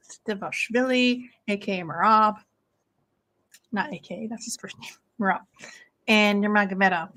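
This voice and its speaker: Chatty young woman, unhurried. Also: mid-range voice, bright, forceful tone. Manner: chatty, lots of "like" and laughter. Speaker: host of a fight watch-along stream. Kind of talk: casual chat with live viewers.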